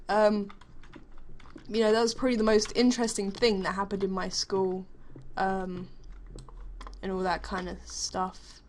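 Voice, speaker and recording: Rambling, swearing young woman. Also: medium pitch. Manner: rambling, swears freely, full of fillers. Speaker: gaming vlogger. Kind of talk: casual storytelling over gameplay.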